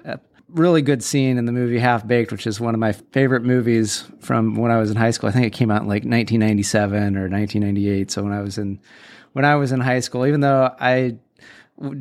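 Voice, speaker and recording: A man in his forties hosting a casual solo podcast, speaking candidly and bluntly with firm opinions. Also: mid-range voice. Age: 40s. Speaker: podcast host.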